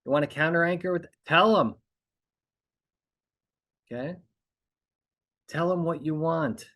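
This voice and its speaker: A man with a somewhat high, slightly bright voice hosts a podcast at normal speed as a trial consultant. In an emphatic monologue he coaches lawyers on courtroom speaking, repeating his points and checking in with "okay?" again and again.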